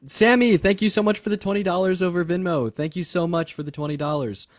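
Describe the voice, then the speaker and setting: A man's voice: high voice, fast talker, no echo. A man hosting a casual live call-in stream, laughing often, swearing and repeating his phrases. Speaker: host. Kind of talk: casual livestream chat with callers.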